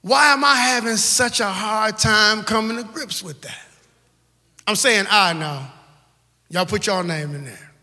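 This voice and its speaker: A man's voice: high-pitched, a little slow, pushed and bright, in a large hall. A man in his forties preaching a sermon to his congregation, calling out for responses and repeating key phrases in a rhythmic build. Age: 40s. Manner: call-and-response exhortation with rhythmic repetition. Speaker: pastor. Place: church sanctuary.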